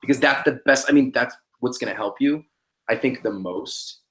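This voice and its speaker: A young man who was once a reality show contestant guests on a podcast, chatting casually in a laid-back, slangy, rambling style packed with fillers. His voice is medium in pitch and moves at a normal speed.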